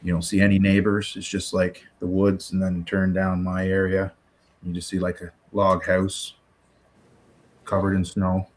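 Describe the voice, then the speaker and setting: Low-voiced guy on a stream chat, slow and descriptive, lots of "like". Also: completely flat delivery. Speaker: guest in the chat. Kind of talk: casual group chat.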